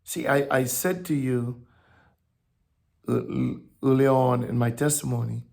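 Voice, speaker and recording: A man preaching a sermon, halting and repeating words, swinging from soft reflection to emphatic declarations. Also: mid-range voice, steady tone, creaky.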